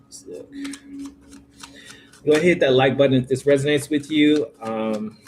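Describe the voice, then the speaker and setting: A man's voice: mid-range voice, normal speed, darkish tone, a little hiss or hum. A man giving a casual, informal tarot reading to his viewers, chatty and full of slangy asides. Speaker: tarot reader.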